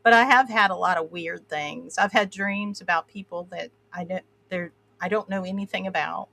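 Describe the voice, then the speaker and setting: A woman's voice: lowish voice, moderate pace, vocal fry, sharp tone. A woman from the Appalachian Mountains with an Appalachian twang, talking in a rambling way full of fillers. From Appalachian Mountains, USA. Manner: rambling, filler-heavy, laughs often. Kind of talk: casual chat.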